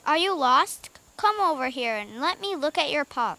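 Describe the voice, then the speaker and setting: A woman voicing a kind, motherly older sister who speaks gently and reassuringly. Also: high voice, expressive, moderate pace, exaggerated voice. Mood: gentle.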